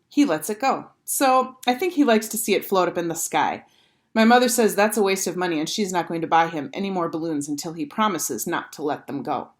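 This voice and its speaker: A woman teacher reading a children's chapter book aloud with expressive, animated storytelling. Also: mid-range voice.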